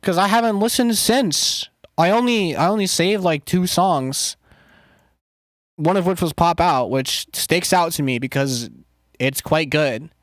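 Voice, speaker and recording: Rambling, cursing guy with a slightly high voice. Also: a little slow, fairly bright tone, no room sound, clean studio sound. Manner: rambling, loose and profane, full of filler words. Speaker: streamer. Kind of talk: casual chat, answering live chat.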